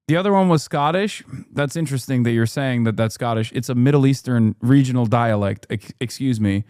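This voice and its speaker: A man in his thirties hosting a livestream, giving sarcastic, deadpan mock-serious reaction commentary. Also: medium pitch, a little fast, few pauses, clean tone, dry recording, studio quality. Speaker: livestream host reacting to a video.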